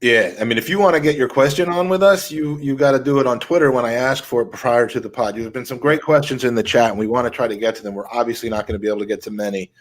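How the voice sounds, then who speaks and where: A man's voice: medium pitch, quick pace, hardly any pauses. A man co-hosting a casual football podcast, easygoing and using uh fillers as he reads out listener questions. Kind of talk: casual chat.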